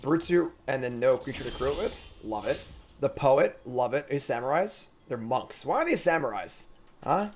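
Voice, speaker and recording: A man's voice: mid-range voice, expressive, normal speed. A young man giving casual, joking commentary while he streams a card game. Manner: joking, talks to himself and the opponent. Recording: background noise.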